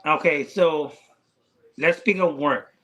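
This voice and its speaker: A man speaking as a podcast guest, earnest and halting, with many fillers and restarts. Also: on the high side, fairly bright tone, rough recording. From United States. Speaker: guest rider. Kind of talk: heartfelt casual conversation.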